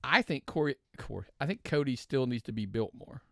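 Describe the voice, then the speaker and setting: A man co-hosting a podcast, chatting casually at a middle pitch. He often stops and restarts his sentences as he thinks out loud. The sound is dry and close to the mic. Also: expressive, brisk, creaky, no room sound. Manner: talks in restarts, working out opinions aloud. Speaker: podcast co-host. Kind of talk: casual chat.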